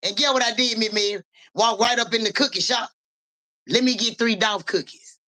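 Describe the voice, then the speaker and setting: A fairly high, pushed and bright female voice at a moderate pace. She's a psychic reader on a casual livestream, cursing in street slang, naming viewers, asking "you hear me" again and again, and coughing or clearing her throat at times.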